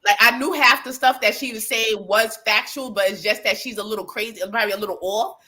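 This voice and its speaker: Gossip show co-host, woman, bright tone, chatty and profane, full of fillers. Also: a little high, a little fast. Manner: animated, profane storytelling with many fillers. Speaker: podcast co-host. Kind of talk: casual gossip chat.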